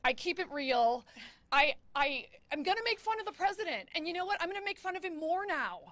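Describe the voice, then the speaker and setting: Brief: woman in her fifties, comedian at a press conference, high voice, wry, self-mocking, nervous. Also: very animated, fairly quick, fairly bright tone, dry recording. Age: 50s.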